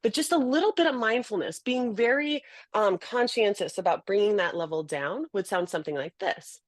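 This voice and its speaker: A woman guest on a podcast interview, explaining in an animated way and acting out examples. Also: mid-range voice, normal speed, no room sound. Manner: animated, demonstrates by acting out patient talks. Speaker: podcast guest, optical business founder.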